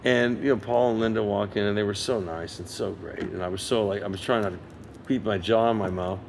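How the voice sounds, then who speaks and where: Man, sixties, fairly low voice, interview guest, animated storyteller, faint background noise. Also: fairly quick, gravelly. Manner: lively raconteur who acts out others' lines. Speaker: interview guest, session guitarist. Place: museum interview set.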